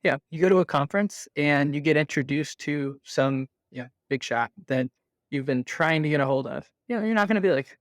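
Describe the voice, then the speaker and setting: A man with a somewhat high voice talks through his points as an interview guest, animated and conversational. The recording is dry and close, with no room sound. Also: brisk, no room sound.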